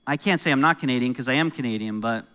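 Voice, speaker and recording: Bright-voiced american pastor preaching. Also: male voice, medium pitch, very fast, clear, resonant tone. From New York. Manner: conversational preaching with jokes and rising emphasis. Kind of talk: sermon.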